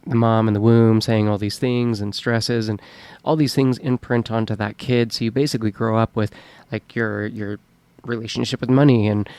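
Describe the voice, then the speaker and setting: A man's voice: lowish voice, fairly even intonation, normal speed, a little mellow, clear, resonant tone, no echo. A man co-hosting a podcast in casual chat who muses in a rambling, reflective way and fills his talk with "you know" and "like". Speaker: podcast co-host.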